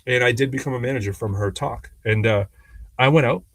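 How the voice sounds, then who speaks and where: A man in easy conversation on a podcast, his voice dry and close to the mic with no room sound. He rambles through his stories with restarts and fillers and slips into lively impressions of the people he quotes. His pitch sits in a plain middle range. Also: a little fast, no room sound. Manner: animated, acts out quoted people in changing voices. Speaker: podcast co-host. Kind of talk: casual conversational storytelling.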